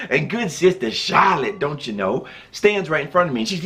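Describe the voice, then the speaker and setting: A man with a rather high voice tells a personal story in a relaxed, casual way. He is animated and jokey and keeps breaking into chuckles as he talks. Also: normal speed. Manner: chuckles often while telling.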